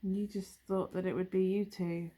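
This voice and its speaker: A woman's voice: mid-range voice, little pitch movement, moderate pace, dark tone. Musing woman reading tarot. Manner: musing, thinking aloud with trailing asides. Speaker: tarot reader. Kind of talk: casual tarot reading to camera.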